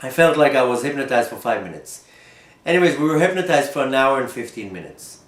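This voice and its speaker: A rabbi telling a personal story in an animated way, often repeating and restarting his words. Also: mid-range voice, brisk, echoey room. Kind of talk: storytelling talk.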